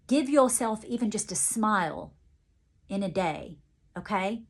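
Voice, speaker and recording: A woman psychic medium giving a channelled reading, relaying messages in the first person in a halting way with many restarts and gently playful, chuckling asides. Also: mid-range voice, lively intonation.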